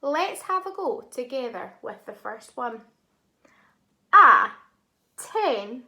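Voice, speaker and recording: A woman leads a children's phonics lesson at a slow, deliberate pace, stretching each word into its syllables. Her voice is bright and a little high, and she praises the class often. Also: animated, gravelly. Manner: sounds words out syllable by syllable, encouraging praise. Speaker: phonics teacher.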